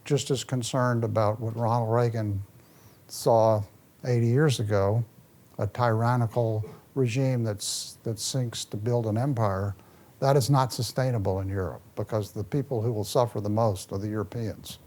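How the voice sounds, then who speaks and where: Animated man telling stories at a lectern. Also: fairly low pitch, normal speed. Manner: animated storytelling, restless, moves around. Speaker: former ambassador giving a talk. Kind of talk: public talk and Q&A.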